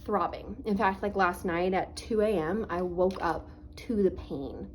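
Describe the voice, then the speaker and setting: A woman's voice: lowish voice, measured pace, a little mellow, a little hiss or hum, poor audio. Woman chatting to her camera w/ half her face swollen, says like a ton, earnest and casual. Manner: chatty, frequent "like" fillers; earnest, faith-minded reflection. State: swollen face, talking through dental pain. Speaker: vlogger.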